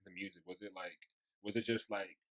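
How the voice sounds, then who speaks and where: Laid-back young man with a lowish voice. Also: brisk. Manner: relaxed, slangy interviewer with short reactions and laughs. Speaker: podcast host. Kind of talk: casual chat.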